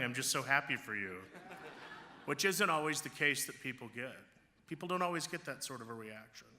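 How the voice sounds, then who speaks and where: Man, chamber leader at a gala podium, lively joking delivery, bright tone, reverberant ballroom. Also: on the high side, slight background noise. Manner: joking, lively public speaker. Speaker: award recipient, chamber of commerce leader. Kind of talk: award acceptance speech at a gala. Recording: reverberant hall sound.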